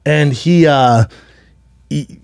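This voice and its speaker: A man's voice: fairly high pitch, drawn-out words, gravelly, a little mellow, dry recording, clean studio sound. A man co-hosting a podcast, telling a long story in casual chat, rambling and acting out what people said, swearing freely. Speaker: podcast co-host.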